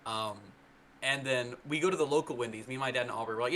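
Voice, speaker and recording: A North Carolina man co-hosts a podcast, talking fast in a mid-range voice over slight background noise. He rambles through casual anecdotes, saying "like" constantly and putting on excited voices for the people he quotes.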